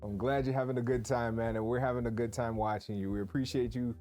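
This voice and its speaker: A man's voice: mid-range voice, steady tone, fast talker, mellow, soft background music. A man hosting a casual interview, upbeat and laughing often as he hypes things up. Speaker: interview host.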